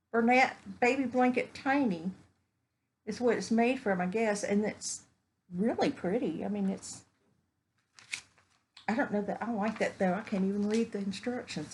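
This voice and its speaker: Her voice runs a little high, with some hiss or hum in the recording. She's a vlogger from Texas, casually chatting and exclaiming with delight over each find while unboxing crafts at home one evening.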